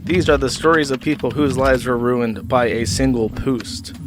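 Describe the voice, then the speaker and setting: A man's voice: medium pitch, moderate pace, noisy background. A man hosting a live stream, giving casual, rambling and profane commentary into a close microphone. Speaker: streamer host.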